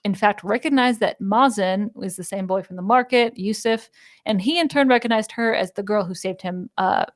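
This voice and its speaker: A woman co-hosting a book podcast, briskly recapping the plot with wry, dry sarcasm. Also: mid-range voice, dry recording. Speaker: podcast co-host. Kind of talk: casual book-club chat, summarizing plot.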